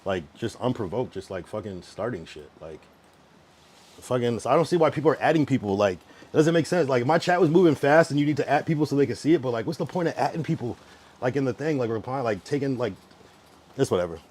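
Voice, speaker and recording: A man's voice: medium pitch, animated, quick pace, darkish tone, slight background noise. Irritated young man ranting on stream. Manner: irritated, ranting at chat, heavy swearing. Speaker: livestreamer. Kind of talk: casual livestream chat.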